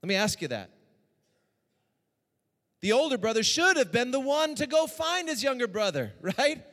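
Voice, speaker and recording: A man preaching a sermon as pastor, moving between hushed personal tones and raised, urgent exhortation. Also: very high voice, big pitch swings, normal speed, big-room sound.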